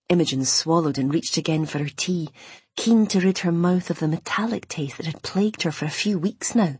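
A woman narrating an audiobook in a gentle, even manner, with a husky voice. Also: lowish voice, fairly quick, no echo. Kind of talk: scripted narration.

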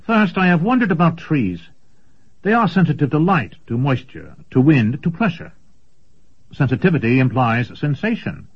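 A man's voice: sing-song, moderate pace, husky, exaggerated voice. A man voicing an earnest young apprentice sorcerer. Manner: hesitant, pleading, higher than the narration. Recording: dull lo-fi recording.

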